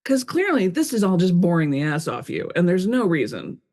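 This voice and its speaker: On a podcast, a female author speaks candidly and expressively in a conversational interview, voicing her own thoughts as quoted asides. Her fairly low voice swings widely in pitch, moves fairly quickly, and has a slightly mellow quality.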